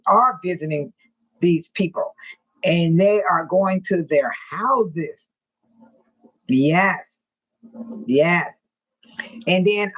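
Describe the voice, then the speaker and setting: A woman with a husky, slightly breathy voice chats loosely on a live stream. She laughs often, teases her viewers and greets them by name. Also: fairly low pitch, rough recording. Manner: laughs often, teasing and excitable. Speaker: livestream host reading viewer comments. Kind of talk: casual live-stream chat.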